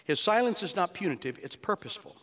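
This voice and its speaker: A man's voice: high-pitched, very animated, quick pace, a bit bright. A male pastor preaching an expository sermon, explaining scripture in an earnest teaching tone that builds to emphatic peaks. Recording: long reverb of a large hall.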